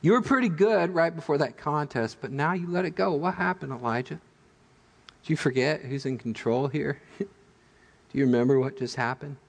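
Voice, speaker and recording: A man voicing God as a quiet, gentle voice who asks soft questions. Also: a little high, moderate pace, vocal fry, big-room sound. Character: God as a still, small, gentle voice.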